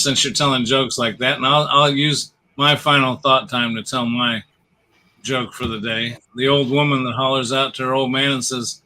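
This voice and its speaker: A man's voice: medium pitch, level tone, moderate pace, sharp tone, a little hiss or hum, poor audio. A man co-hosting a casual gaming chat, telling long stories and jokes with many restarts. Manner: rambling storyteller, restarts and retells jokes. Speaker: podcast co-host.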